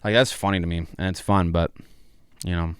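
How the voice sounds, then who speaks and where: A young man hosting a casual podcast, loose and excitable, swearing freely and laughing often. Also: low voice, fairly quick, smooth. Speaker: podcast host. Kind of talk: casual solo podcast chat.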